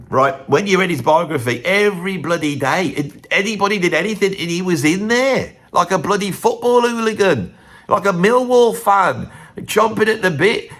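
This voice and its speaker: A man's voice: a little high, a bit bright. A man hosting his own channel, giving a rambling, chatty opinion monologue full of tag questions. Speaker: host.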